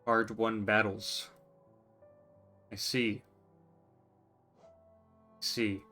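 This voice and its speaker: A man's voice: lowish voice, flat delivery, very slow, bright, forceful tone, soft background music. A man streaming a game, musing to himself in casual commentary and reading on-screen text aloud.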